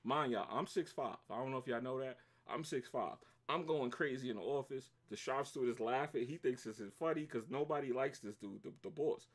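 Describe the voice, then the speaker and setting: A man's voice: medium pitch, fairly quick, few pauses. A middle-aged man with a Brooklyn accent, casually telling a story to his stream viewers and acting out each side of an argument. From New York. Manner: animated, acts out both sides of arguments, shouts when reliving anger. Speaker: livestream host.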